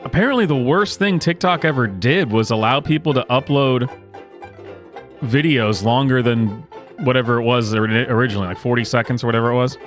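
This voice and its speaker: A man's voice: mid-range voice, brisk, faint music behind. A man hosting a show where he reacts to videos, talking sarcastically and laughing often. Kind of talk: casual reaction commentary.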